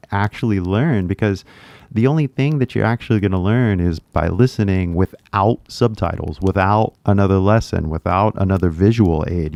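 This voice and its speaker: Young American guy, YouTuber English teacher, low and gravelly, chatty livestream ramble, dry booth sound. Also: a little mellow, no echo, dull audio. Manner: rambling, loose, many restarts and fillers. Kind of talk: casual livestream chat.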